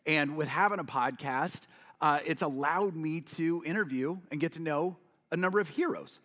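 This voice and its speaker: A keynote speaker and coach with a slightly high, somewhat bright male voice talks at normal speed in a large event hall with an audience. He tells a personal story motivationally, addressing the crowd and acting out the voices of the people involved, while the hall's long reverb trails behind him.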